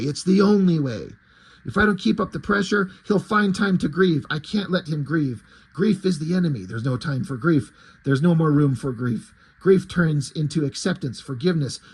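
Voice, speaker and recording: A man voicing a grim, brooding male vigilante in a tense inner monologue, with a husky voice. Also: on the high side, a little mellow, exaggerated voice. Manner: intense muttered inner monologue.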